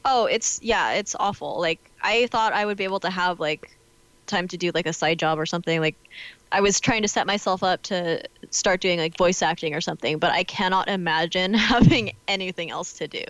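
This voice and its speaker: A woman's voice: fairly low pitch, fairly quick, fairly bright tone, no echo, low-quality recording. Chatty woman law student, dry sound. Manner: chatty, lots of fillers and laughter. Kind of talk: casual chat.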